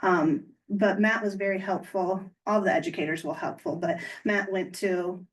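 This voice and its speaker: Midwestern American woman, mid-pitch, casual explainer, off-mic in a meeting room. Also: fairly even intonation, normal speed, distant mic. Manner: casual, explanatory, frequent ums. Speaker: county waste program staff. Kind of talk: public meeting report. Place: county government meeting room.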